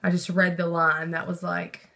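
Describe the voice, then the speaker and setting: A young woman vlogger talking about a book in a casual, rambling way, excitable, with lots of fillers and swearing. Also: on the low side, normal speed, vocal fry. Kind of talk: casual book review chat.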